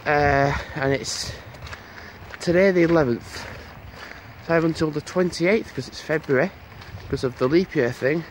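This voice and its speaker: A man's voice: fairly high pitch, normal speed, poor audio. A man, chatting and rambling as he vlogs on a phone while walking through snowy town streets. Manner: chatty, rambling, swears when annoyed. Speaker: vlogger. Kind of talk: casual walking vlog. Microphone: phone held while walking. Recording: loud outdoor street noise on a phone. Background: traffic and street noise.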